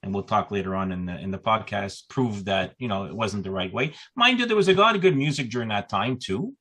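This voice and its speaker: A man's voice: on the low side, lively intonation, brisk, sharp tone, breathy edge. A man speaking as a panel guest on a podcast, talking casually and often repeating words as he starts a sentence.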